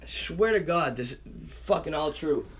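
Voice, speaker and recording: A young podcast guest with a slightly high voice and a breathy edge talks at a moderate pace. He tells a wild story casually and with animation, swearing constantly and voicing the people he quotes.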